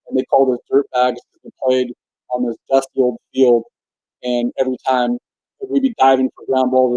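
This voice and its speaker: Young American guy, motivational storyteller, relaxed and earnest, slightly dull recording. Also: medium pitch, no echo. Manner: casual, earnest, frequent restarts and "like". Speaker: motivational speaker. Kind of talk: personal storytelling monologue.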